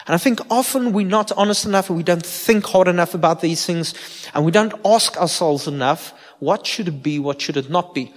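A man's voice: sits high, a little fast. A man, a pastor giving an informal sermon and asking his listeners direct questions. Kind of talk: conversational sermon. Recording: long hall reverb.

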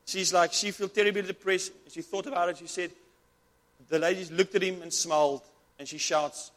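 A man's voice: high voice, steady tone, moderate pace. A man preaching a sermon with fervent, repetitive delivery, often restarting his words. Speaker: pastor.

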